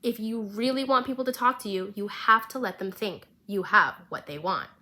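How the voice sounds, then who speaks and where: A woman's voice: mid-range voice, moderate pace, pushed and bright, close to an everyday voice. A woman voicing a cool, nonchalant, tough young woman. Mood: teasing.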